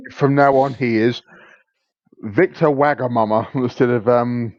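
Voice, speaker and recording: A man's voice: medium pitch, darkish tone, dull audio. A man co-hosting a football podcast, hesitant and giggly as he tells his jokes. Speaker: podcast co-host. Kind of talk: casual banter.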